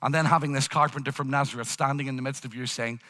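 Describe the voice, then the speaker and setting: A man's voice: mid-range voice, fairly even intonation, fast talker, sharp tone. A man preaching a sermon in an impassioned style, building through repeated phrases. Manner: impassioned, repetitive preaching cadence.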